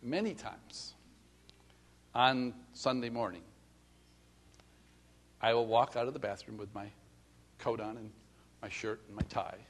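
A middle-aged man preaching a sermon, acting out little scenes and swinging from soft asides to loud calls. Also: mid-range voice, a little slow, pauses often. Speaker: pastor.

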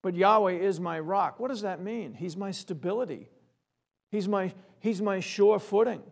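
A middle-aged man from Long Island giving a sermon, reading scripture slowly and emphatically and reflecting in a personal way. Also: high voice, gravelly. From Long Island, New York. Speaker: preacher.

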